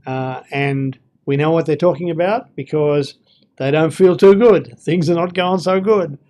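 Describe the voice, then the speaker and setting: A man's voice: a little high, measured pace, warm tone. A man giving an informal Bible lesson, thinking aloud with fillers and reading verses with feeling. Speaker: Bible teacher.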